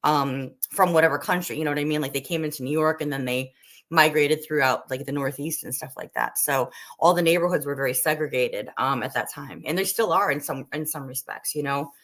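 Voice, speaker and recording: This woman hosts a casual livestream, talking with viewers in a loose, rambling way that is full of "like" and "um." Her voice sits low for a woman. She grew up in the Northeastern United States. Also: fairly quick, fairly bright tone. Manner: rambling and chatty, heavy with "like" and "um". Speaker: livestream host. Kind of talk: casual chat while cooking, answering viewer comments.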